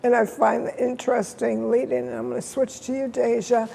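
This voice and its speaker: A woman leading a panel talk, speaking in a deliberate way and bringing in her guest. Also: on the high side, flat delivery, gravelly, warm tone, husky. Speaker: program leader and host. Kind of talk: panel discussion.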